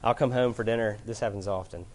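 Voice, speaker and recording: A man preaching a sermon as pastor, asking the listeners questions, telling stories from home, and slowing down when he quotes scripture. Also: fairly low pitch, slight background noise. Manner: earnest, asks rhetorical questions, warm family anecdotes; varies pace, slows right down to quote scripture.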